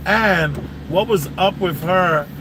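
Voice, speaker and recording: A man commenting on a vlog in a casual, animated way, voice climbing when he gets incredulous. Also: high voice, slow pace, noisy background. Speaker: vlogger.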